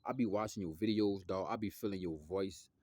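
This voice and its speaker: A man's voice: brisk, darkish tone, no room sound, clean studio sound. A young man, talking in a loose, slangy, rambling monologue that drifts off topic. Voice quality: deep voice. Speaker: musician vlogger.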